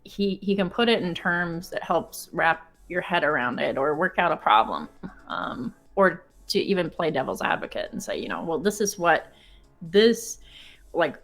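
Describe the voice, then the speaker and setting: A young woman joins a podcast chat as a guest, talkative and quick to giggle. Her voice sits on the low side, with faint music underneath. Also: sing-song, a bit bright. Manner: giggly, chatty. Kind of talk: casual chat.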